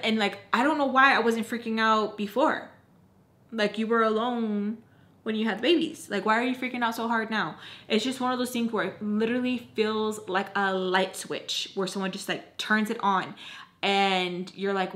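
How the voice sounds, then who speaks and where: Young woman, twenties, casual storytime, animated, constant "like", acts out quotes, mid pitch. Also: a little fast. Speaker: vlogger.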